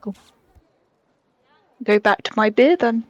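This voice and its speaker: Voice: mid-range voice, slow pace, no room sound, dull audio. A player chatting casually at a tabletop game, laughing often. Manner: giggly, chatty.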